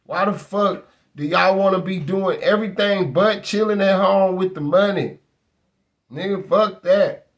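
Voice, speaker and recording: A male show host ranting in a casual, profane style, blunt and rambling with heavy slang, and saying he is high. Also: unhurried, dull audio.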